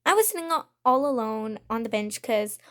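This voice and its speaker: A woman's voice: a little high, animated, moderate pace, fairly bright tone. A woman telling casual storytimes about school over gameplay, chatty and framing each quote with "I'm just like.". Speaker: storytime vlogger.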